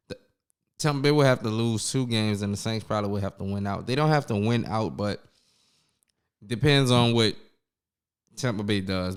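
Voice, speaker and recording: A man talks through a solo sports recap in a low, smooth, resonant voice. His words come out a little slurred from a numb mouth after the dentist. He keeps it loose and chatty, calling his viewers y'all. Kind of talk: casual solo sports commentary.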